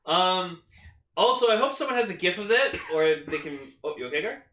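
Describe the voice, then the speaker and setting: A man co-hosting a podcast in casual chat, excitable and rambling with lots of fillers and swearing. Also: high voice, fairly quick, echoey room. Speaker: podcast co-host.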